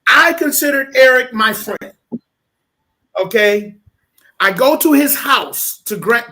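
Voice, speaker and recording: Animated storytelling man, pastor as guest. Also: very high-pitched. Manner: animated storyteller, repeats "okay?" for emphasis; switches into lively voices when quoting people. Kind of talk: conversational storytelling.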